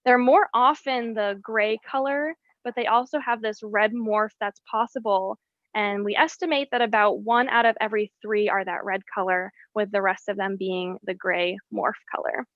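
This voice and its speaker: A woman, a wildlife educator, giving an explanatory presentation about birds and often pausing on "um". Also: mid-range voice, steady tone, no room sound, lo-fi sound. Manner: explanatory, with frequent ums.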